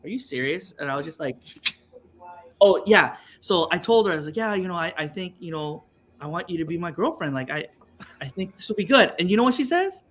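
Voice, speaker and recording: A man's voice: quick pace, slight background noise. A middle-aged man co-hosting a podcast, telling a dating story in casual chat and acting out the quotes. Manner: animated, acts out quotes with swooping pitch. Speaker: podcast co-host.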